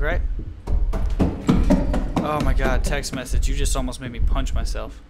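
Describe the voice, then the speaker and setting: A man's voice: medium pitch, lively intonation, moderate pace, long pauses, over loud music, rough recording. A young man commenting nervously on a horror game, muttering and repeating nope again and again. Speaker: gaming YouTuber.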